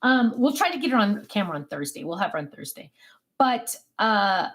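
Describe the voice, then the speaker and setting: Brisk and sing-song, the middle-aged host of a craft channel chats on a livestream from her home office. She goes through viewer comments with many ums and calls out to her dogs in a high, sing-song way.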